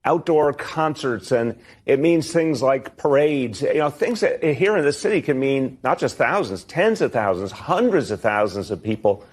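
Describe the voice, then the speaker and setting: A man, a politician, answering questions in a televised interview in a measured, earnest way. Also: medium pitch, expressive, slightly rough.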